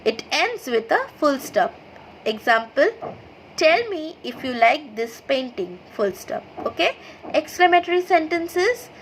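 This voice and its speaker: A woman with an Indian English accent teaches an online grammar lesson over slides to schoolchildren, reading example sentences aloud and then naming their punctuation step by step. She goes slowly and explains, checking in with "okay." Her high-pitched, fairly bright voice comes through poor audio with a little hiss or hum.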